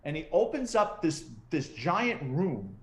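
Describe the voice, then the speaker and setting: A middle-aged man with a fairly high voice speaks a little slowly. He's a retired police detective and author, a guest in a casual interview, telling stories animatedly and acting out the voices of the people he quotes. The recording has a roomy echo.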